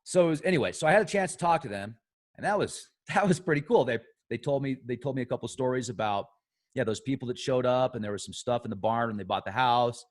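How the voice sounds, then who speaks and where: Rapid-fire and medium in pitch, this US conspiracy show host delivers a meandering, casual monologue. He lurches between booming enthusiasm and quiet remarks that fade away.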